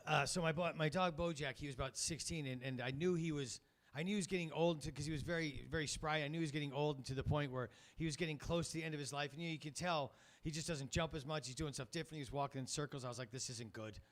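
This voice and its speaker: A middle-aged male comedian with a slightly higher-than-average voice. He tells loose, rambling, profane stories, stand-up style, as the host of the show. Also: fairly even intonation, quick pace.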